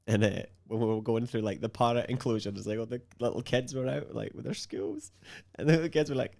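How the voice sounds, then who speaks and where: A man co-hosting a casual podcast, swearing freely and telling animated stories. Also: mid-range voice, a little fast, vocal fry, few pauses, dry recording. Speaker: podcast co-host. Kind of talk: casual chat.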